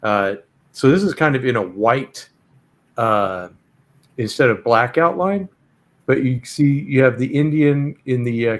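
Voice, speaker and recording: Host, male, easygoing and halting, average pitch, casual live chat. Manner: easygoing, hesitant with many fillers.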